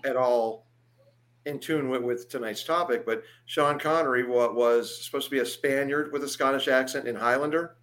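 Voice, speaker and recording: A man hosting a casual podcast panel over a video call, animated and loose, dropping the odd mild swear. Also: mid-range voice, moderate pace. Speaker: podcast host. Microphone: video call mic.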